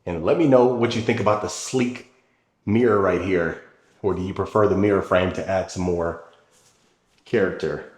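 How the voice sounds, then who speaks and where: A man's voice: deep voice, moderate pace, reverberant, in a large hall. A man hosting a home tour, narrating room by room with upbeat, salesy enthusiasm.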